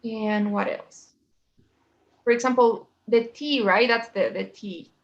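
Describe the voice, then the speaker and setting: Woman, English teacher, chatty explaining, slightly high voice, lo-fi recording. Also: takes it slowly. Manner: chatty, explains with many "right?" and "you know?". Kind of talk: one-on-one English lesson.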